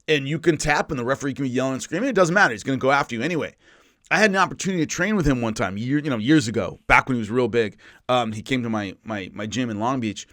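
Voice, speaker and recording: A man, an MMA analyst, talking casually through a list with animated storytelling and quick asides. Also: on the high side, no room sound, studio quality. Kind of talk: casual spoken rundown. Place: California.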